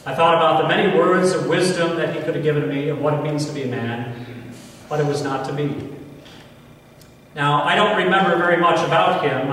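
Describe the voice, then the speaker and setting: A man in his forties with an American accent, a priest telling a personal story in a homily, earnest and slow with emphatic pauses. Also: fairly high pitch, fairly bright tone, a little hiss or hum. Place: large church. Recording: echoey church hall from far off.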